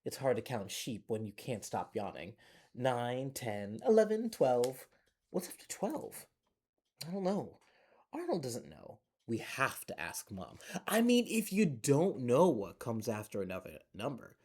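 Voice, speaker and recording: Male children's storyteller, warm mellow voice, bouncy chatty reading. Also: medium pitch, a little slow, breathy edge. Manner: animated, chatty asides to young listeners. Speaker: library storyteller. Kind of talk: reading a children's picture book aloud.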